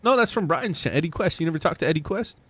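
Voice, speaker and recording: A young man streaming a game live, chatting loosely and excitably with viewers. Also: fairly high pitch, fast talker, husky, no echo. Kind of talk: casual live-stream chat.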